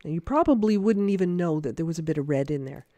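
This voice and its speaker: Woman, art teacher, chatty and hesitant, soft encouraging delivery, dry close sound. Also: on the low side, expressive, fast, no echo. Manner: chatty, thinking aloud, hesitant with many fillers. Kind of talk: casual painting demonstration livestream.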